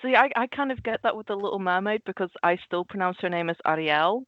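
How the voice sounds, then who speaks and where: A man with a Dutch accent co-hosting a casual film podcast, animated and giggly as he talks. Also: sits high, fast, no room sound, highs cut off. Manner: animated and giggly, acts out quotes. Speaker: podcast co-host.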